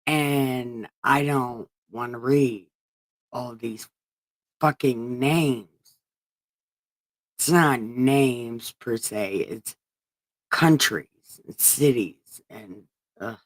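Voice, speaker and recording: A woman's voice: very deep voice, very slow, pauses often. A woman hosting a casual livestream Bible reading, swearing and laughing as she chats with her viewers. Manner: crude, swearing, laughing asides, chatting to viewers. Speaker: livestream host.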